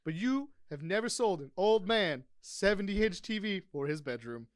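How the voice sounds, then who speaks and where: A young man co-hosting a casual podcast, telling stories fast and acting out quoted lines. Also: high voice, no echo, studio quality. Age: young adult. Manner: fast, excitable storytelling with quoted voices. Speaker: podcast co-host. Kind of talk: casual chat.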